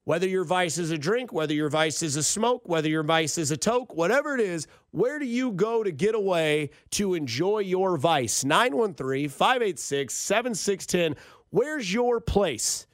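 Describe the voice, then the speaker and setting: A man's voice: high voice, normal speed, dry recording, studio quality. A man, hosting a late-night radio show and telling jokey stories with lots of energy. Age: 30s. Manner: animated storyteller, jokey, puts on voices. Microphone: studio microphone.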